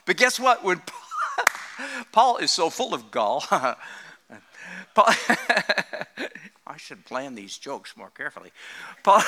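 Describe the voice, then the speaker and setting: A man delivers a sermon with a bright, forceful edge. His pitch sits high and swings widely as he jokes and laughs at his own asides. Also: takes it slowly, pauses often. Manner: animated, joking, laughs often. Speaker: pastor.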